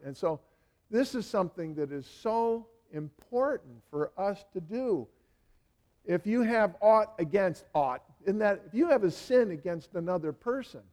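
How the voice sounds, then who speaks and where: A man's voice: a little high, warm tone. A male pastor giving a sermon in a conversational way, full of "you know" asides and words repeated for emphasis.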